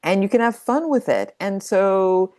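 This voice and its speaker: A woman's voice: medium pitch, animated, measured pace, darkish tone. A woman who is a creativity coach, talking through her advice in a reflective, conversational way and playing with emphasis. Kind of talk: casual teaching monologue.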